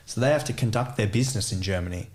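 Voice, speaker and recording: A man's voice: lowish voice, fast talker, darkish tone. A man with an Australian accent chatting as a podcast guest, rambling and full of filler words. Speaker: guest, DJ and music producer. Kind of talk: casual podcast chat.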